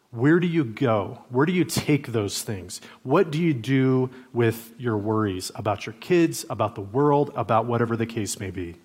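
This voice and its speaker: A man in his thirties, a pastor preaching a sermon in a relaxed, conversational way, with stories from everyday family life. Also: medium pitch. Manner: conversational preaching with parenting anecdotes.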